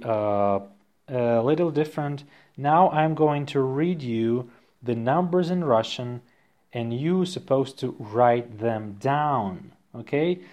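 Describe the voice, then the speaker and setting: A man teaching a podcast language lesson, slowly and patiently dictating items and repeating each one twice. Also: mid-range voice, darkish tone. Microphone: podcast microphone.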